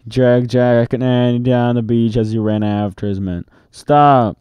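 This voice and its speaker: A man reading a children's book aloud in a steady, expressive storytelling manner, close to the mic. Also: mid-range voice, moderate pace, smooth, no echo. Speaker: storybook reader.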